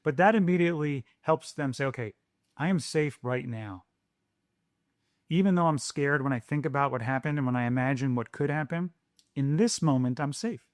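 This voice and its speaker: A man co-hosting a parenting podcast, talking slowly and soothingly as he explains how to calm a scared child. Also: medium pitch, no room sound, studio quality. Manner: slow, soothing, deliberate. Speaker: podcast co-host. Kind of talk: calm parenting advice chat.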